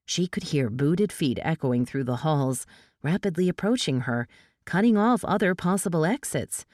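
Low-voiced woman reading a novel aloud. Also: normal speed, dry recording, clean studio sound. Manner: steady, even storytelling with lively dialogue voices. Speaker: audiobook reader. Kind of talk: scripted audiobook narration.

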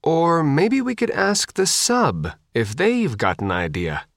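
A man voicing a panicky, brash teenage girl fighter who swears and shouts. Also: a little high, sing-song, slow pace, dry recording, clean studio sound, pitched above the performer's own voice, full character voice. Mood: unsure, rattled.

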